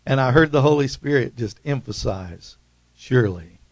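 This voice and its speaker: A man's voice: mid-range voice, moderate pace, gravelly, no echo, muffled recording. A middle-aged man preaching a sermon as pastor, reading scripture and building to emphatic, repeated outbursts. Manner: preaching with rising emphatic bursts and repeated words.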